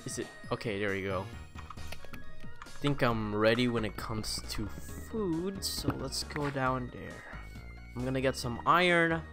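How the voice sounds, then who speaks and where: A man giving casual gameplay commentary, excitable and self-mocking, talking to the creatures in his game. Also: mid-range voice, unhurried. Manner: excitable, self-mocking, talks to the game's mobs. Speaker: gaming YouTuber. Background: background music.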